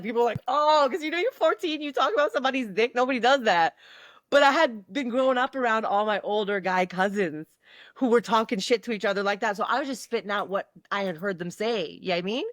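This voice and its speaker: Brief: woman stand-up guest, animated storyteller, laughs a lot, dry close sound. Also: on the high side, quick pace, no echo. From Canada. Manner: animated, laughs often, acts out quotes. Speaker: guest comedian. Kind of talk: casual podcast storytelling.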